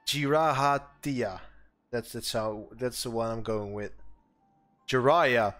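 A man streaming a game, talking in a casual, excitable way, swearing often and yelping at what happens on screen. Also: lowish voice, normal speed, soft background music. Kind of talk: casual gameplay commentary.

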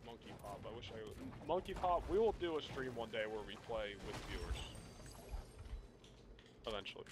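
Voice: medium pitch, expressive, moderate pace. A co-streamer chatting casually during a game, jokey and reading chat messages aloud. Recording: noisy gaming stream audio.

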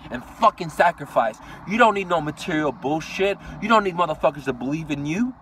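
A man's voice: a little high, lively intonation, fairly quick, a bit bright, far from the mic, a little hiss or hum. A man from Iran delivering a blunt, profane motivational rant as a vlogger, constantly swearing and tacking "dude" onto his lines. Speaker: vlogger and business owner.

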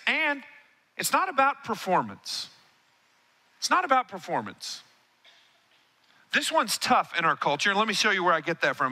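A middle-aged male pastor preaching a sermon in a church, telling stories and calling on the congregation to respond. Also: high voice. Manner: animated, storytelling, calls on the congregation.

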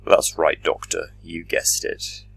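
A man voicing a tormented, menacing armored villain in a fan audio drama reading, speaking slowly and broodingly. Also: very deep voice, creaky, fairly bright tone, slightly rough, heavily acted, low-quality recording.

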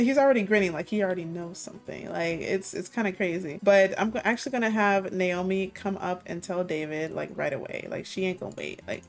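A young woman giving casual let's-play commentary, bubbly, giggly and chatty. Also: mid-range voice. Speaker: gaming video host.

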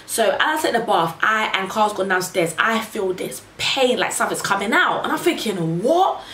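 A young woman tells a story to her viewers in a chatty, animated way, peppering it with "like" and "literally". Her voice sits in a roomy, echoey space, picked up from a little distance with a faint hiss underneath. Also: mid-range voice, moderate pace. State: pregnant. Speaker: vlogger. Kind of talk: casual storytelling.

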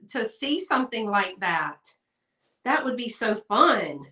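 A woman's voice: mid-range voice, animated, slow pace, sharp tone, far from the mic. Chatty woman in an echoey room. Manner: chatty, addresses viewers by name. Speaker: online seller hosting a live sale. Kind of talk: live-stream sales chat.

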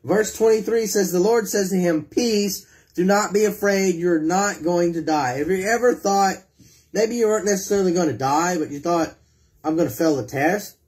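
Speaking at a moderate pace in a high, slightly mellow voice, a preacher reads scripture and puts questions to his listeners. He also acts out prayers, pleading as he does.

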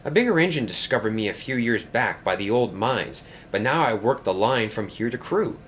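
A man's voice: lowish voice, animated, moderate pace, fairly bright tone, slight background noise. A man voicing an eager, shy old male narrow-gauge engine, speaking in a raised, wide-eyed voice.

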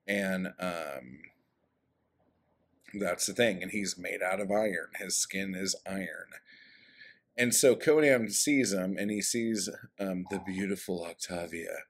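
A man recapping a story in a casual, rambling way, with lots of swearing and fillers, in a room at home. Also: low-pitched. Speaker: book vlogger. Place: room at home by a street window.

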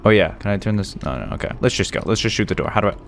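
A man playing a horror game, giving jumpy, excitable let's play commentary straight to his viewers. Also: fairly low pitch, very fast, gravelly, slight background noise. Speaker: gaming YouTuber. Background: faint game music.

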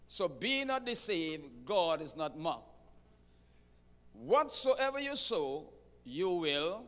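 A man preaching a sermon, emphatic and dramatic, with pauses for effect. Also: sits high, a bit bright. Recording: long reverb of a large hall.

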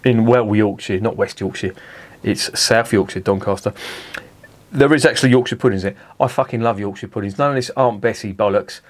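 A man's voice: on the low side, brisk. A middle-aged man, reviewing a beer in a casual, rambling and sweary way at home.

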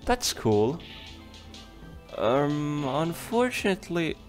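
A man giving relaxed, chatty commentary while playing a game, talking to the creatures on screen. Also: fairly high pitch, slow. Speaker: let's play gamer. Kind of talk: casual gameplay commentary. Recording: faint game music behind.

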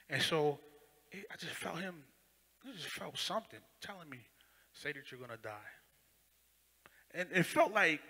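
Man, bright forceful voice, spoken testimony, animated storytelling, long hall reverb. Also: fairly high pitch. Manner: animated storytelling, acts out voices, swings from loud to hushed. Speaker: Christian rapper giving testimony.

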